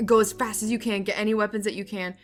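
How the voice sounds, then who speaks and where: A woman's voice: mid-range voice, flat delivery, fast talker, over music. A woman playing a tabletop game, talking in an urgent, stammering way. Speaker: player. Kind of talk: casual tabletop play.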